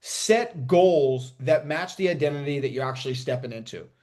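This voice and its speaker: A young man coaching live on a video call, energetic and talking motivationally, checking in with "right?" and "okay?" all the time. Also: fairly high pitch, normal speed. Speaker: coach hosting a live online session.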